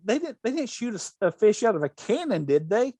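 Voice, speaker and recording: Man putting on a high voice, incredulous older woman, dry close sound. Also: sing-song, a little fast, mellow, dry recording.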